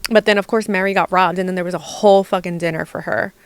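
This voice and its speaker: A young adult woman hosting a casual gossip podcast, animated and exasperated, full of "like" and swearing. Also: on the low side, fast, clean tone, no echo. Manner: animated, heavy use of "like", profane, exasperated. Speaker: podcast host.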